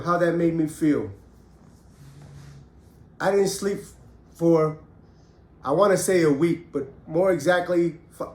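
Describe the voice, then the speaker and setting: A man's voice: a little high, echoey room. A middle-aged man and former prisoner telling his own story bluntly and with heat, swearing freely. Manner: blunt, profane, emphatic, heated. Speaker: ex-convict storyteller. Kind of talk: candid personal storytelling.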